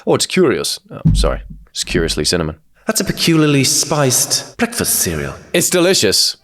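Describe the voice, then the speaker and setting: A man's voice: medium pitch, normal speed. A British man hosting a reaction video, giving joking, cheeky commentary. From United Kingdom. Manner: joking, animated, cheeky asides. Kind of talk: casual comedic reaction commentary.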